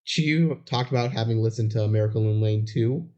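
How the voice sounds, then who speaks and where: A man's voice: fairly low pitch, brisk, darkish tone. A young man co-hosting a podcast, trading dry jokes in casual chat. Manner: dry, joking banter. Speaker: podcast co-host. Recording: dull lo-fi podcast audio.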